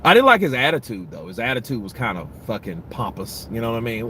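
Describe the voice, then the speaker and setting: A man's voice: lowish voice, big pitch swings, fast, hardly any pauses, pushed and bright, a little hiss or hum. A man giving casual, rambling boxing commentary, full of profanity and restarts.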